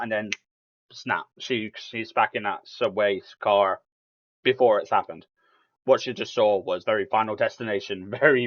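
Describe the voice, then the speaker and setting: A man's voice: lowish voice, muffled recording. A man hosting a podcast, talking casually and rambling, with lots of restarts and acted-out quotes. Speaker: podcast host. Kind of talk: casual solo commentary.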